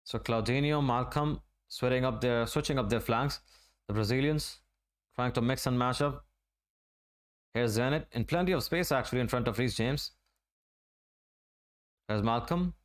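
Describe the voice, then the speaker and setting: A man from Asia calls a football match live for his stream, talking through the play in an unhurried, conversational way. His voice is smooth and resonant at an ordinary middle pitch, typical of live match watch-along commentary.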